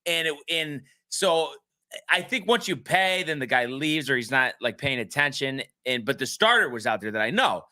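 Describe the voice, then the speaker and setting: A man on a casual podcast, rambling through a story with lots of restarts and little acted-out quotes. His voice is bright and forward, sitting at a middle pitch. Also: expressive, normal speed. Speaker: podcast co-host. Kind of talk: casual chat.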